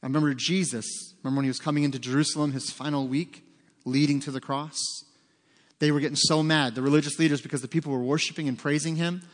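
A man's voice: fairly high pitch, steady tone, quick pace. A man preaching a sermon as pastor, talking conversationally with joking asides. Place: church sanctuary. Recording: long reverb of a large hall.

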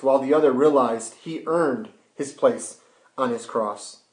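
A man preaching a sermon with rhetorical questions and sudden hushed drops. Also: mid-range voice. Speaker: pastor. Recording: roomy echo.

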